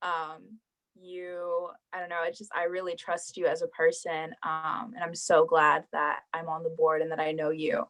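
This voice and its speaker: A young woman speaking through tears on a video call, halting and stumbling over fillers. Her voice sits fairly low for a woman. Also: completely flat delivery, a bit bright, rough recording. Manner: tearful, halting, many fillers. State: crying. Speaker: school board trustee. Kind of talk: farewell remarks at an online board meeting.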